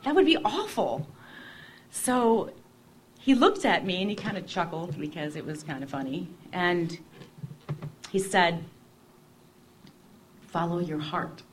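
A woman telling her personal faith story in an expressive, conversational way, often dropping to a hushed voice. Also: lowish voice, slow pace, pauses often, a little hiss or hum. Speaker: guest sharing her testimony.

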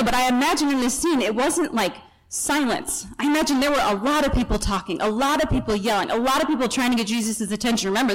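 Lively woman teaching from the Gospels. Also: on the high side, rough recording. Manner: lively storytelling, acts out the people in the story; chatty asides and self-corrections. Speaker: Bible teacher. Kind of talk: conversational Bible teaching.

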